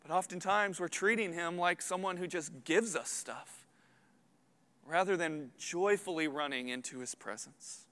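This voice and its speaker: A man in his thirties preaching a sermon as a pastor, earnest and building to loud emphatic peaks. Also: a little high, unhurried. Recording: long hall reverb.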